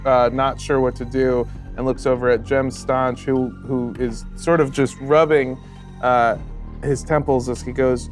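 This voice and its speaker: A man's voice: medium pitch, little pitch movement, measured pace, soft background music. A man narrating as game master of a tabletop game, casual and profane.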